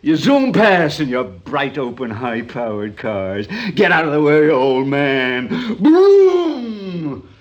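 An actor playing a paranoid, bitter older man who rants and stammers, lurching between loud outbursts and hushed mutters, in a radio drama. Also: mid-range voice, lively intonation, unhurried, few pauses, lo-fi sound, natural voice. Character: bitter paranoid old man, armed, hoarding.

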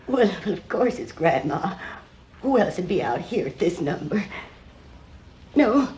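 A woman's voice: lowish voice, very animated, a little mellow, slight background noise. A frightened grandmother. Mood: strained. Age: older. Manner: anxious, halting. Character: frightened elderly grandmother, the wife. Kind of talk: radio drama acting.

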